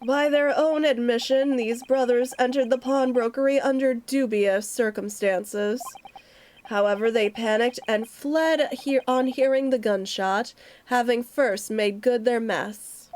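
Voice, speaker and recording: A woman's voice: fairly high pitch, a little slow, darkish tone, a little hiss or hum, lightly acted. Woman reading a stern, cold prosecutor. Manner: cold, commanding, formal. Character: stern formal male prosecutor.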